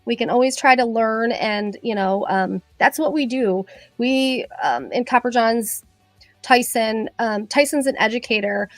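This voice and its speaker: Middle-aged woman, chatty and rambling, fairly high voice, dry close sound, faint music behind. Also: measured pace, no room sound. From Michigan. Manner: chatty and excitable, rambling with many fillers. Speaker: cosmetologist hosting a live stream. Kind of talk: casual live-stream chat.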